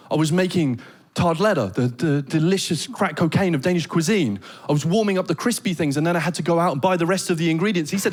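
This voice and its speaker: A British man doing a stand-up comedy set on a theater stage, telling animated stories full of comic voices and mock Danish. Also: fairly high pitch, quick pace. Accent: British English. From Britain. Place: theater stage before a live audience.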